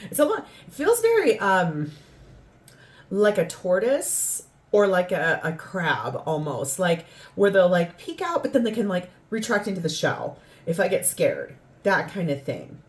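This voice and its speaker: A woman's voice: lowish voice, expressive, measured pace. Woman doing a rambling tarot reading. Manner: earnest, rambling, acts out quoted lines. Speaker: tarot reader.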